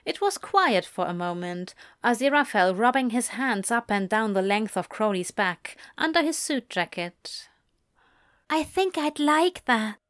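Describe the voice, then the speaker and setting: A woman narrating a story aloud, calm and steady in tone. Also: medium pitch, normal speed, few pauses, clean tone, no echo, clean studio sound. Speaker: audiobook reader. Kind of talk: scripted fiction narration.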